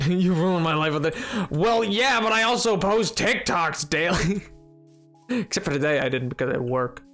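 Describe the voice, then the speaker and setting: Young guy streaming a game, kinda high voice, goofy bragging chatter, faint music in the back. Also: expressive, a bit bright. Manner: joking, boastful, rambling, quick laughs. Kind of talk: casual chat while playing a game.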